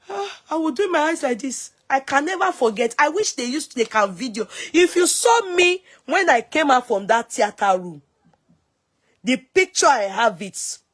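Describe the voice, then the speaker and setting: Woman, Nigerian accent, thirties, higher-pitched voice, expressive casual storytelling. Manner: dramatic, expressive retelling. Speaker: actress telling her own story.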